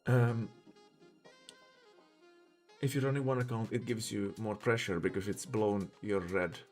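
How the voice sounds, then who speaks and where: A man's voice: on the low side, steady tone, a little slow, darkish tone, soft background music. A man from Sweden with a Swedish accent, chatting casually on a live stream, rambling with lots of fillers as he thinks aloud. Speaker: livestreamer.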